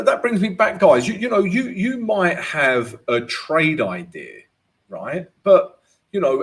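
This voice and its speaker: A man's voice: medium pitch, a bit bright. A man hosting a live trading lesson, casual and chatty, often checking in with "right?" and addressing viewers as guys. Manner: laughs at his own jokes. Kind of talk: live chart analysis and viewer Q&A.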